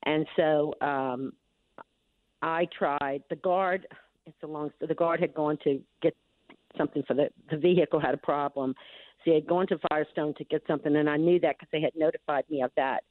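A woman's voice: low-pitched, steady tone, normal speed, no echo. Older woman rambling over a tinny phone line. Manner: rambling, restarts often, lots of "you know". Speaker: caller, neighborhood security district official. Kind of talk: telling a story on a radio call-in. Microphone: telephone.

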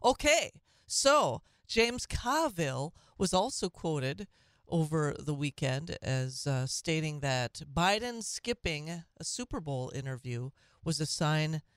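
A man's voice: fairly high pitch, lively intonation, fairly bright tone, clear, resonant tone, dry recording, studio quality. A man co-hosting a morning political talk radio show, giving opinionated commentary that halts and restarts. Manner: opinionated, halting with many restarts.

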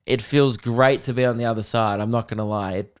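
A man's voice: mid-range voice, fairly even intonation, brisk, clean tone. A man in his twenties with an Australian accent, hosting a podcast in a laid-back, self-mocking storytelling way. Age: 20s. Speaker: podcast host. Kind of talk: casual chat.

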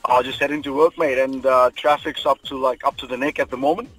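A man's voice: medium pitch, steady tone, fast, fairly bright tone, soft background music, poor audio. A man originally from India, calling a radio show from his car in traffic, easygoing and amused. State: driving in traffic. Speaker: caller. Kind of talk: casual call-in chat.

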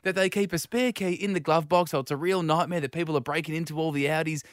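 A man's voice: a little high, steady tone, fast, no room sound, clean studio sound, lightly acted. A man voicing an eager young woman office worker, bubbly and chatty. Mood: chirpy.

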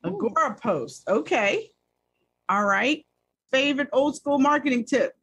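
A woman hosting a business podcast in casual interview chat, upbeat and quick to laugh. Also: high-pitched, expressive, a bit bright, husky. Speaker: podcast host.

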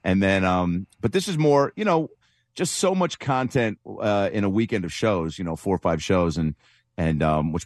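A man's voice: lowish voice, no echo, clean studio sound. A man on a radio talk show, a comedian chatting casually in a rambling way, with lots of fillers. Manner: rambling, laughs often, does quick voices. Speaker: comedian guest.

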